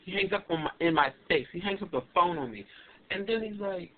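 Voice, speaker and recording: A young adult man vlogging, telling a story in an animated, emphatic and indignant way. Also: high-pitched, a little fast. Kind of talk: casual ranting storytelling. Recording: tinny lo-fi webcam audio with faint hiss.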